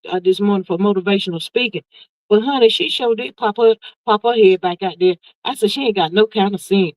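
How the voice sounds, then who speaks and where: A woman hosting a casual livestream, reading viewer comments aloud and reacting in a sassy, drawn-out way, calling everyone "child" and "honey". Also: medium pitch, no room sound. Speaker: livestream host. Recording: dull, lo-fi, dry sound.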